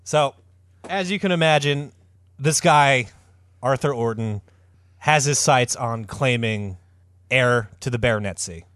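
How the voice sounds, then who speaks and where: A man's voice: mid-range voice, a little slow, pauses often, a bit bright, no echo. A man hosting a comedy podcast, retelling a story with mock-dramatic flair. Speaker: podcast host.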